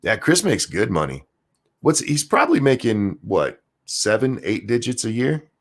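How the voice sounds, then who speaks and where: On his livestream, a man rants about politics, swearing and being sarcastic as he reads the chat. He speaks at a moderate pace in a medium-pitched voice with big swings in pitch.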